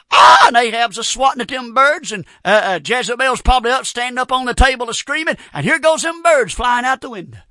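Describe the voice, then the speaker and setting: A male preacher telling stories in a folksy sermon, with a very high, bright voice. He is animated and keeps dropping in amens. The sound is dry and close. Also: dry recording. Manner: folksy, repeats amen, animated storytelling.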